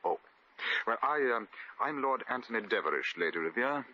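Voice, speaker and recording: An actor playing a bored, flirtatious lord with a clipped, drawling manner, in 1950s radio comedy acting. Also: male voice, fairly low pitch, lively intonation, normal speed, sharp tone. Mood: charming. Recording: muffled old radio broadcast.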